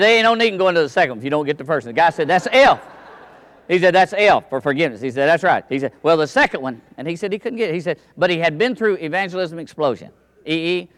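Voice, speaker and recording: A male preacher delivers a folksy sermon in a church, swinging between booming lines and hushed asides. His voice sits fairly high for a man. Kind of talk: sermon storytelling.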